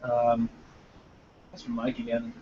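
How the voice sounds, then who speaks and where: A man's voice: mid-range voice, completely flat delivery, takes it slowly. A young man from Georgia with a light Southern accent, hosting a casual chat and rambling with fillers and restarts. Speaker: show host reading viewer questions. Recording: dull lo-fi mic with faint background noise.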